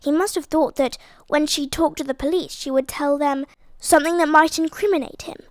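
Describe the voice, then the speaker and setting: A woman narrates an audiobook in a lively, expressive way. Her voice is high, and the recording is close and dry with no room around it. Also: fairly quick, no echo.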